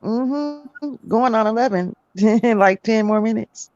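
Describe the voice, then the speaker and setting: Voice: mid-range voice, takes it slowly, darkish tone, dry recording. Laid-back casual chat voice, dry and a bit muffled.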